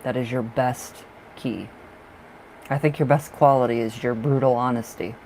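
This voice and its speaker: Over poor audio with a faint hum of the room behind him, a man with a medium-pitched, darkish voice talks at a moderate pace with fairly even intonation. Chatting casually on a live stream, he effusively reads tarot for viewers, gushing over their love lives and calling them darling.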